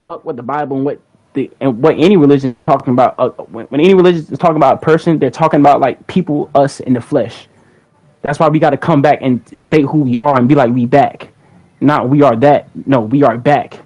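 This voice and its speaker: A man's voice: on the high side, a little mellow, poor audio. A young man hosting a livestream, chatting casually to his viewers in a rambling, slangy way, often repeating words. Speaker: livestream host.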